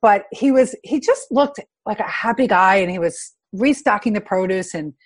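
Middle-aged woman guest, earnest casual storyteller, mid-pitched everyday voice. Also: normal speed. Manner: earnest, animated when quoting others. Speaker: guest sharing stories.

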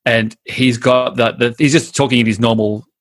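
A man's voice: medium pitch, steady tone, normal speed, no echo. An Australian man co-hosting a podcast in casual, rambling chat with frequent restarts. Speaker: podcast co-host.

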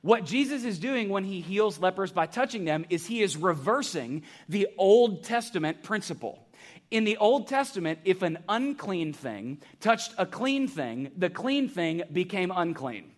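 A man preaching a sermon to a church congregation, animated and joking, asking the crowd rhetorical questions. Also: high-pitched, unhurried. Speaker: pastor. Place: church sanctuary.

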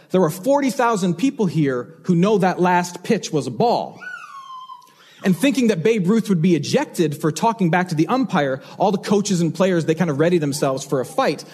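A male pastor preaches in an earnest, emphatic way, leaning on repeated phrases. His voice sits fairly high for a man and has a husky, slightly breathy edge. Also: darkish tone. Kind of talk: sermon.

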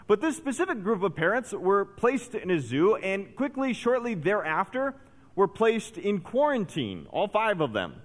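Pastor preaching in an echoing hall. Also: male voice, high-pitched, moderate pace. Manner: animated storytelling, dropping to soft intense emphasis. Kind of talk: sermon. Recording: long reverb of a large hall.

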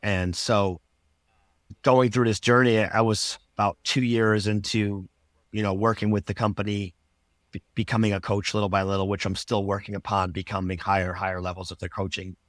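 A man's voice: lowish voice, little pitch movement, normal speed, no echo, studio quality. A man, a podcast guest, telling his personal story in an earnest, reflective way.

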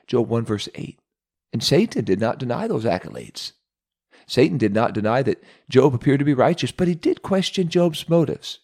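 A man's voice: medium pitch, sing-song, normal speed, darkish tone. A male preacher telling a scripture story in a sermon. He builds drama as he narrates and slips into voices for the characters. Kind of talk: sermon retelling a Bible story with acted voices.

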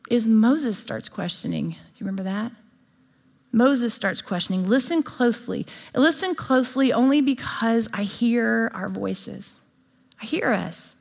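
Woman preacher, mid pitch, chatty sermon delivery that poses questions to the congregation. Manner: conversational, asks the audience questions. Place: church or gathering before an audience.

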